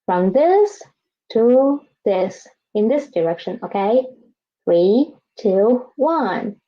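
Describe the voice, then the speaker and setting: Slow, patient woman teaching pinyin. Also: on the high side, sing-song, dull audio. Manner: slow, patient, demonstrates each sound and asks students to repeat. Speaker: Chinese teacher. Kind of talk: pinyin lesson for beginners.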